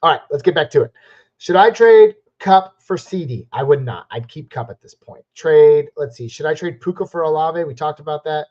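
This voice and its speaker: A man from the West Coast hosting a live Q&A stream, chatty and upbeat, giving quick verdicts on viewer questions. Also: fairly high pitch, expressive, a little mellow. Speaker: fantasy football live stream host. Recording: slightly muffled lo-fi stream audio.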